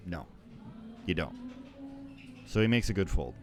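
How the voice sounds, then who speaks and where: A man's voice: deep voice, big pitch swings, unhurried, noisy background. A man giving live poker play-by-play, joking and laughing easily with his co-host. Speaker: poker commentator.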